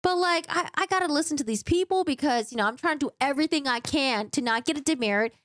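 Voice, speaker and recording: A self-serving young man complains and protests in a whiny, exasperated way, as a woman voices him during a story recap. He sounds put upon and eager to cover himself. The voice sits a little high and dry, close to the mic. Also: animated, fast, a bit bright, no echo.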